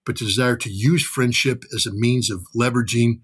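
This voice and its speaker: A man's voice: medium pitch, steady tone, moderate pace, a bit bright, slightly rough. An American man giving heated political commentary, blunt and profane, mimicking the voices of others to make his point. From United States. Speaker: commentator guest.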